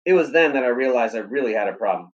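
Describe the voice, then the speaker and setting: Man reading a novel aloud, steady. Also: mid-range voice, fast talker, highs cut off. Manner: steady, plain storytelling delivery.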